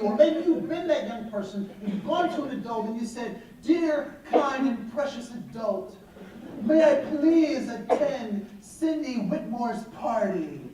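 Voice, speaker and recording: A man giving a talk to an audience, telling stories with animated delivery, acting out dialogue and asking rhetorical questions. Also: extremely high pitch. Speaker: speaker on attitudes and education. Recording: very echoey hall from far off.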